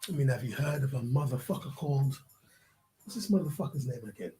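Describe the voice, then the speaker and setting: A man's voice: mid-range voice, expressive, a little fast, dark tone, a little hiss or hum, low-quality recording. A man ranting in a vlog, profane and prodding the listener with repeated questions. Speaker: vlogger. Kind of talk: ranting commentary.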